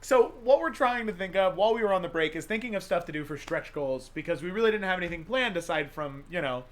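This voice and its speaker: A man's voice: high voice, expressive, fast talker, a bit bright. A man co-hosting a charity stream, chatting casually and playfully teasing his co-host. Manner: playful, joking. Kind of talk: casual chat.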